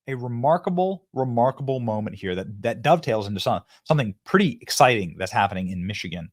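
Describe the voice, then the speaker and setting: A male political show host whose voice swings widely up and down as he talks. He is emphatic and mocking and often bursts out loudly. The sound is dry and close, with no room around it. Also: lowish voice, animated, brisk, dry recording. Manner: emphatic, mocking, sudden loud outbursts. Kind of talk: animated political commentary.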